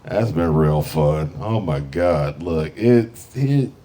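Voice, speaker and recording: A man's voice: extremely low pitch, lively intonation, slow, mellow. A man from the South, doing a stand-up comedy set with a brash, profane, punchy delivery. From American South. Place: live comedy venue with audience.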